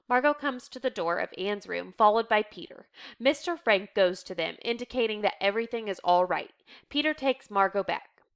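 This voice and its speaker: A woman reading the stage directions of a play aloud in a steady, measured way. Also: mid-range voice, creaky, smooth. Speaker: reader.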